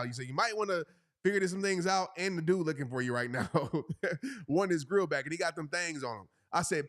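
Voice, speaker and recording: A man's voice: on the high side, expressive, a little fast, fairly bright tone. A man, casually telling a funny story and acting out the voices of the people in it. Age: 30s. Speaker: motivational speaker telling a story.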